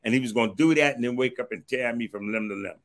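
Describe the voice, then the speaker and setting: A middle-aged man from Washington, D.C., telling a personal story, animated and acting out what others said. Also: mid-range voice, fast. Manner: animated, acts out others' quoted words, repeats a stock phrase to move on. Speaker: storyteller recounting his past.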